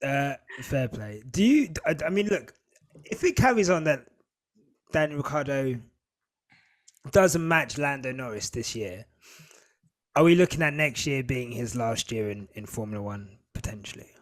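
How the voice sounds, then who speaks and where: A man co-hosting a casual podcast chat, animated, teasing and pushing his guests for answers. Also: medium pitch, moderate pace. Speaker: podcast co-host. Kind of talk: casual chat about motor racing.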